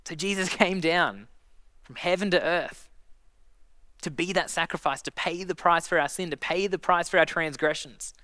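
A man preaching in an earnest, conversational way, stumbling and restarting as he builds his point. His voice sits high and bright, with a smooth, clear tone. It is recorded close and dry. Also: moderate pace, no room sound. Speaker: pastor. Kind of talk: sermon.

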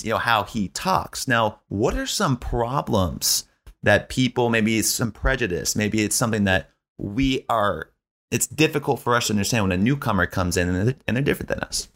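A man hosting an interview, chatting casually and telling stories with lively swings in his voice. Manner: animated storyteller with big pitch swings. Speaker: podcast host.

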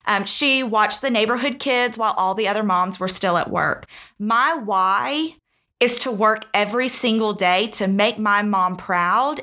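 Woman cohost sharing a story, bright clear tone, earnest and heartfelt. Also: mid-range voice. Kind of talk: personal storytelling.

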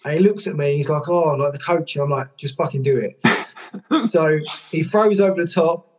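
A man, a former rugby player and coach, telling stories in a podcast conversation, lively, with lots of "like" fillers and casual swearing. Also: on the high side, moderate pace. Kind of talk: conversational storytelling.

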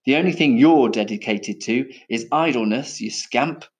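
A man's voice: medium pitch, normal speed, lo-fi sound, lightly acted. A man voicing a stern, proud older firework maker who lectures and scolds.

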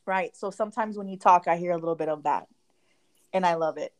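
A woman co-hosting a podcast in casual chat, talkative and quick to laugh. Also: lowish voice, darkish tone. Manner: chatty, laughs often. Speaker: podcast co-host.

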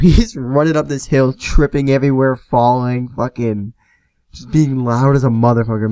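A young man hosting a podcast, telling a long story in a casual, profane, animated way, often acting out the other people's lines. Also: mid-range voice, no room sound. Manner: profane, animated, tosses in quoted voices. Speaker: podcast host.

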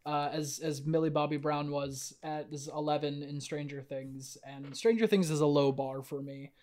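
A man's voice: fairly high pitch, fairly even intonation, moderate pace, darkish tone. Rambling man hedging on a podcast. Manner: rambling, hedging, lots of "like" and restarts. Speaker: podcast host. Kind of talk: casual chat.

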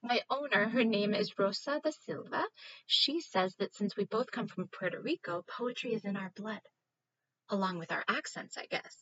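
A woman reading a children's book aloud, expressive and stopping now and then to fix her slips. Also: mid-range voice, moderate pace, highs cut off, a little hiss or hum. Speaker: reader.

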